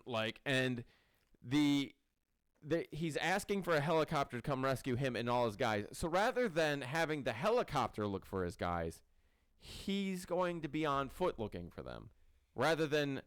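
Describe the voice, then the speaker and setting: A man with a fairly high, very lively voice, riffing on a bad movie with friends. His tone is smooth and resonant, and he jumps in pitch as he rants and swears. The sound is dry and close. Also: no echo. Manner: animated, swearing, quick rants with mock quotes. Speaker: podcast movie reviewer. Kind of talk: casual chat.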